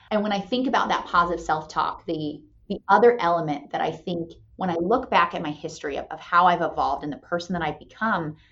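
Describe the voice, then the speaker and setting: A woman in her thirties, a company president and mother, telling a candid story and tagging her points with a quick "right?". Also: fairly low pitch. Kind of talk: motivational talk. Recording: dull lo-fi sound.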